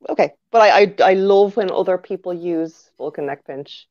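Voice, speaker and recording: A woman's voice: on the low side, moderate pace, a little mellow. A woman guest on a podcast in casual chat, laughing and agreeing often. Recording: dull lo-fi sound.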